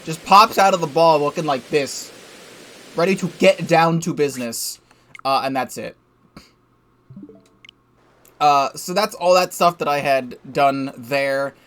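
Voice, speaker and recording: Casual young dude narrating his game clips, rambly and sweary, voice sits a little high. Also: measured pace, pauses often, a bit bright, a little hiss or hum. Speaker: let's play gamer.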